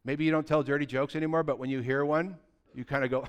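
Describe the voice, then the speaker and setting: A middle-aged man preaching a sermon as pastor, conversational and animated, full of rhetorical questions. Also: on the high side, quick pace, clean tone.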